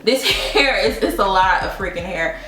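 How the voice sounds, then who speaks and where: A young adult woman vlogging a casual product review, telling her story in an animated, chatty way with frequent laughs and asides to viewers. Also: medium pitch, normal speed. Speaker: beauty vlogger. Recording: roomy, distant mic with faint music.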